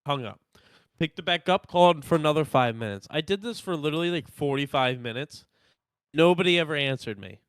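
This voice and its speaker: A young man co-hosting a podcast, telling a story in animated casual chat and acting out what people said. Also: a little high, brisk, clear, resonant tone, dry recording. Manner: animated, acts out quotes of himself and others. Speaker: podcast co-host.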